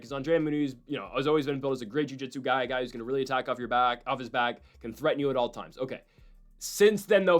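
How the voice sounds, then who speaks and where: A man casually breaking down MMA fights and predictions, rambling and excitable with frequent asides. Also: on the high side.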